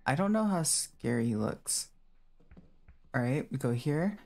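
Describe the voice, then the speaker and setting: Male game streamer, jumpy, very animated pitch, rambling self-mocking chatter, faint music behind. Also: unhurried. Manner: jumpy, screams and laughs when scared. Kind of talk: live game commentary.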